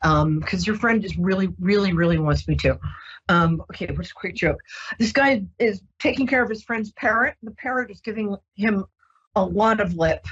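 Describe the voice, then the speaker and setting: A woman hosting a psychic radio show, talking gently and reassuringly with many ums and restarts. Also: medium pitch, moderate pace, slightly rough, highs cut off. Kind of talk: casual radio psychic reading.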